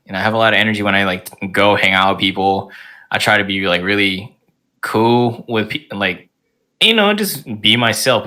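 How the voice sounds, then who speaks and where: A young man, a podcast guest, telling stories in an energetic, animated way, full of fillers. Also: lowish voice. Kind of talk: casual chat.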